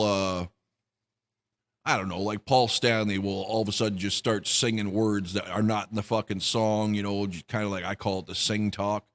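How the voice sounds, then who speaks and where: A man hosting a rock music news show, ranting with heavy swearing and mocking quotes. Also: lowish voice. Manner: profane, heated ranting with mocking put-on quotes. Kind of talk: ranting commentary.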